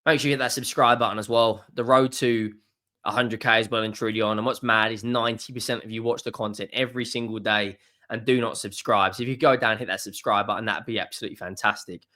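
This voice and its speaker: A man's voice: fairly even intonation, fast. Ranting football fan man. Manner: swears often, swings from low muttering to loud exasperated outbursts.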